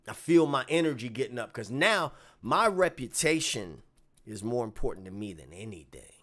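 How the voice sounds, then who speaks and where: A man telling a story from his gigs in a casual vlog, swinging from low muttering to loud outbursts. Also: normal speed. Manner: animated, swings from muttering to shouting. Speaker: bass player telling a story.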